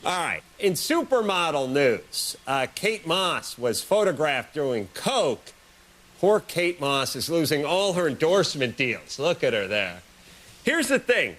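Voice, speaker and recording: A man's voice: on the high side, measured pace. A man hosting a late-night show, delivering a rambling, sarcastic comic monologue. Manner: sarcastic, rambling, deadpan jokes.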